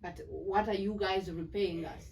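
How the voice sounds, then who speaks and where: A woman's voice: mid-range voice, fairly even intonation, unhurried, gravelly, darkish tone. A middle-aged woman, a mother lecturing her children at a family meeting in a firm, earnest way. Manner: firm, earnest, repeats "do you hear me". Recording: distant mic with faint background noise.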